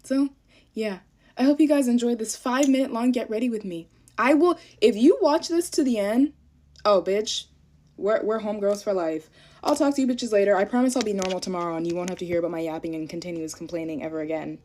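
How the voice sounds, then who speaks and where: A woman's voice: mid-range voice, fairly quick, dark tone. A young woman, a college student, in a profane, self-deprecating rant to camera while getting ready. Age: young adult.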